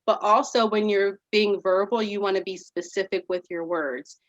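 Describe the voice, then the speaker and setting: A woman's voice: medium pitch, moderate pace, no echo, muffled recording. Upbeat woman teaching a virtual lesson. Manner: upbeat, animated, reads passages aloud. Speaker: after-school program teacher.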